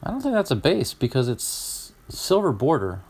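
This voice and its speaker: A middle-aged man hosting a casual stream, opening card packs and chatting with viewers, getting excited over each card. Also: medium pitch, moderate pace, slightly rough. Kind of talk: casual live-stream chat.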